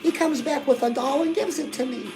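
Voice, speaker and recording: A woman playing a gushing high-voiced girl-guru. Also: brisk, natural voice, low-quality recording. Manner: gushing, chatty, keeps addressing the viewer as girl. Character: chirpy self-styled woman lifestyle guru, gushing, pushy. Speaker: host. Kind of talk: comic character monologue to camera. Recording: music playing loudly under the voice. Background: music.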